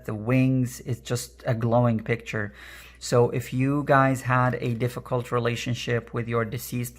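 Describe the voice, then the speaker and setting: A man with a raspy, strained voice giving an earnest pick-a-card reading, repeating phrases with many fillers. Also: mid-range voice. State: emotional, voice strained. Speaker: energy worker and tarot card reader.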